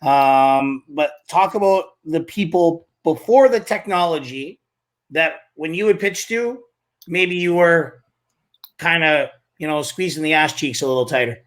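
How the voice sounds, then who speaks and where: A man hosting a casual interview, asking questions in a relaxed way with many fillers. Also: on the high side, measured pace. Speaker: host, interviewer.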